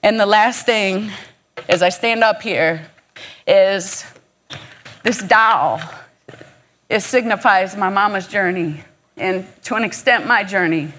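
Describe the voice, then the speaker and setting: A woman's voice: mid-range voice, slow pace, pauses often, a bit bright, slight background noise. A woman from Michigan giving a heartfelt, encouraging inspirational faith talk at a conference, speaking conversationally. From Michigan, USA.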